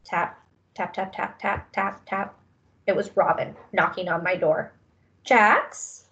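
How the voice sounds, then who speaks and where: A woman reading a children's novel aloud in a calm, measured way. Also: fairly low pitch, dull audio. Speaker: reader.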